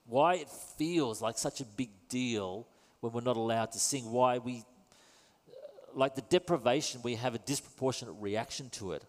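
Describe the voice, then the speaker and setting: A man's voice: medium pitch, moderate pace. A man preaching a sermon in a conversational, wry and self-deprecating way. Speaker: pastor. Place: church. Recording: long reverb in a church hall.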